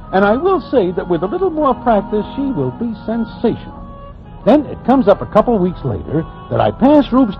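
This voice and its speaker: Wry broadway storyteller, high lively voice, dull old radio sound. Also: male voice, heavily acted. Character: wry easygoing male Broadway storyteller, middle-aged. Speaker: narrator and character called Broadway. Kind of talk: 1940s radio drama acting.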